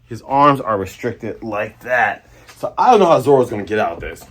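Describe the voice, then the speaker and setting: A man hosts a laid-back manga chapter review at a moderate pace, getting excited and acting out the scenes. His husky, slightly breathy voice swings widely and lively in pitch, and his whole manner is animated.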